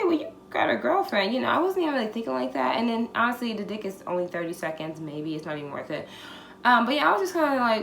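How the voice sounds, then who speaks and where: A woman in her twenties telling a personal story on her vlog, candid and profane, acting out what people said to her. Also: fairly high pitch. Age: 20s. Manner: candid, profane, animated retelling with acted-out quotes. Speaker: vlogger. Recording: echoey room, faint background hiss.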